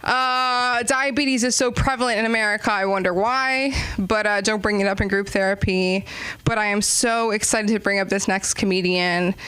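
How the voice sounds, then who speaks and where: A young woman from Los Angeles hosts a small comedy open mic. Her voice is smooth and clear, with a dry, close sound, and her jokes drift and undercut themselves. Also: mid-range voice, fairly even intonation, normal speed, fairly bright tone, no room sound. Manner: rambling, self-deprecating, ironic. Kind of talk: stand-up comedy hosting. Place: small comedy club stage.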